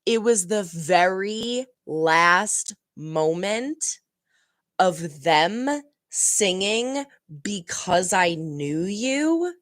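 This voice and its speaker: Chatty woman streamer, low dry voice. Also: drawn-out words, dry recording. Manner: chatty, rambling, animated, laughs often. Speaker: reaction streamer. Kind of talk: casual chat reading live chat.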